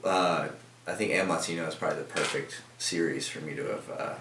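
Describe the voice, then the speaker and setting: A man's voice: very deep voice, steady tone, brisk, background noise. A young man talking casually in an interview, rambling with many fillers and restarts, in an office. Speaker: team member guest. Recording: echoey room from a distance.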